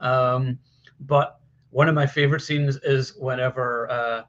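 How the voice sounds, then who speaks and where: A chatty man recounts movie scenes with relish, sprinkling his talk with "uh" and "like" as he goes. His voice sits at an ordinary middle pitch. The sound is dull and lo-fi, as if coming through a cheap mic. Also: a little slow. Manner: animated storyteller, hedging fillers like "uh" and "like". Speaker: podcast co-host. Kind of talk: casual film discussion. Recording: dull lo-fi audio.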